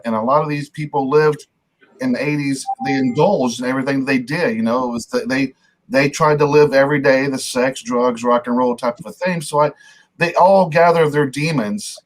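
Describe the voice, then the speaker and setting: A middle-aged man hosting a casual rock podcast, talking loosely and swearing now and then. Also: medium pitch. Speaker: podcast host. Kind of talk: casual chat.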